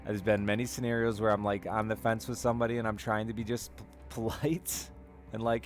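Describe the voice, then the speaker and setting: Gravelly man in candid stream chat. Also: lowish voice, level tone, moderate pace, soft background music. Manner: candid, rambling, laughs while telling stories.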